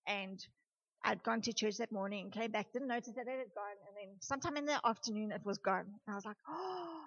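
Husky-voiced woman preaching to a youth group. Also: mid-range voice, fast talker. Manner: animated, talks straight to the group. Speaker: youth leader. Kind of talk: youth sermon. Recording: dull lo-fi recording.

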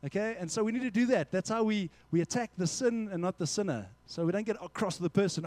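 A young man preaching a casual, energetic sermon to a youth group, slipping into quick acted-out dialogues as he teaches. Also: high voice, dry recording. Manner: energetic, conversational, acts out little dialogues. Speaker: youth pastor.

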